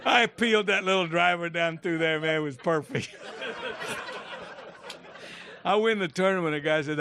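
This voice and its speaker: Animated older man telling a golf story. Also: sits high, a little slow. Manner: animated, laughing, shouting out quoted lines. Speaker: golf pro telling stories. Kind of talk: storytelling in a fireside chat.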